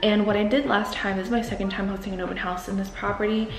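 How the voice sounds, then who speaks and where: A woman's voice: mid-range voice, fairly even intonation, fast, background noise. Chatty young woman in an echoey empty house. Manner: chatty, many fillers like "um" and "like". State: a little out of breath. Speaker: real estate agent vlogger. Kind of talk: casual vlog talk to camera. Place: empty new house, indoors. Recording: roomy echo in an empty house.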